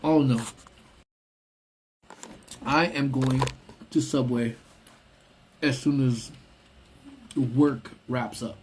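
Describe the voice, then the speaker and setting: A man hosting a casual live chat on his lunch break, telling stories with big swings from low mutters to high exclamations. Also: steady tone, drawn-out words, pauses often, darkish tone, a little hiss or hum, rough recording. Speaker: live stream host. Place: parked car on a lunch break.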